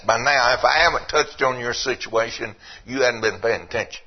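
Husky older preacher man. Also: normal speed, few pauses, muffled recording. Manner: fervent preaching that swings from low and quiet to loud and emphatic. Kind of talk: sermon.

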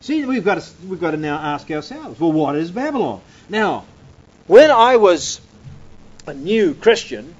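A man's voice: sits high, big pitch swings, measured pace, a little mellow, lo-fi sound. A man preaching a conversational, emphatic sermon, often dropping "man" into his lines and shown on slides to a room and online audience. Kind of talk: sermon teaching. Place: church or hall with slides.

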